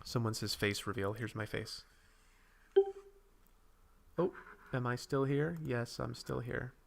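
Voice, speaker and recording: A man hosts a casual livestream, drawing as he rambles through viewers' comments, reading them out and replying. His mid-range voice is gravelly and moves at a normal speed.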